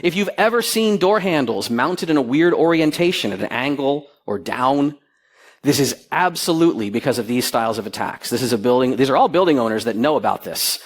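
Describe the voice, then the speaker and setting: At a security conference, a middle-aged man on stage keeps the audience engaged with stories, voicing the characters' lines himself. He talks a little fast at a medium pitch.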